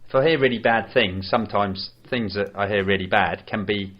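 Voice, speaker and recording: A man co-hosting a podcast, chatting casually about a film in a hesitant, rambling way with many pauses and fillers. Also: fairly low pitch, dull audio. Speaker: podcast co-host. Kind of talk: casual film review chat.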